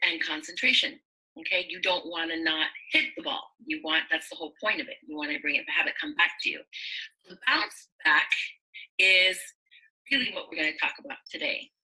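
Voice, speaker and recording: Woman motivational speaker, bright husky tone, storytelling delivery. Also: fairly low pitch, poor audio. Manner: storytelling, acts out quoted voices, many fillers. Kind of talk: motivational talk.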